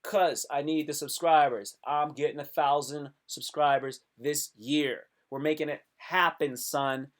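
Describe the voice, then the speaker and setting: A man's voice: a little high, fairly even intonation, measured pace, hardly any pauses. A young man hosting his own live stream, talking to viewers in a hyped, rambling, self-motivating way. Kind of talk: casual live stream monologue.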